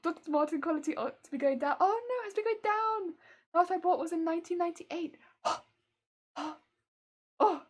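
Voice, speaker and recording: A young woman chatting casually on a crafting live stream, telling stories in an animated way and answering chat. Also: very high-pitched, normal speed, long pauses. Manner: chatty, animated storytelling, reads chat aloud.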